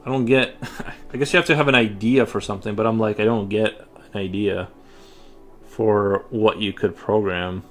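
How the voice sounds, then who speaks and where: A man's voice: on the low side, normal speed, soft background music. A man chatting casually on a live stream while he draws, rambling with frequent restarts and fillers. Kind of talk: casual livestream chat. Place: home studio while drawing.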